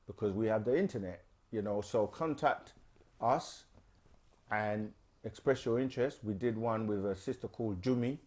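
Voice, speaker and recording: A man hosting a live question-and-answer stream, explaining things in a loose, unhurried way with plenty of fillers. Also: medium pitch, a little mellow. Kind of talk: casual explanatory talk.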